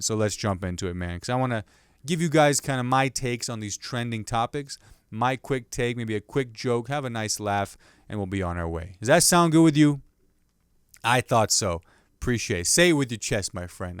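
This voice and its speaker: A man's voice: medium pitch, smooth, no room sound, clean studio sound. A young man hosting his own podcast, chatting in a rambling, jokey way about the week's news and his sports teams. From Indiana. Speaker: podcast host. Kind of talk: casual solo commentary.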